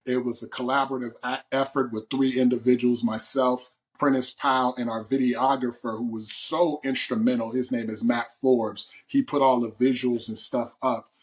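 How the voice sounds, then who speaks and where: A man from Oakland, a guest poet, telling his story in an interview with animated, boisterous energy. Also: medium pitch, moderate pace, few pauses. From Oakland, California. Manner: animated, storytelling, boisterous and loud when excited. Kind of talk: interview conversation.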